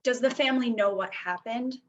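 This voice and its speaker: A woman interviewing a guest, asking gentle, sympathetic questions. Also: on the high side, brisk, lo-fi sound, a little hiss or hum.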